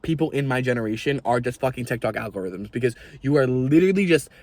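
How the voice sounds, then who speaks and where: A young man ranting to camera in a vlog, animated and exasperated, swearing freely. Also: mid-range voice, quick pace, no room sound. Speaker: video creator.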